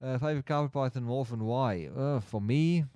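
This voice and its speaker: A man's voice: mid-range voice, normal speed, dark tone, dry recording. A man hosting a casual livestream chat, rambling and restarting his sentences as he reads the chat aloud. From Australia. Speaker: livestream host.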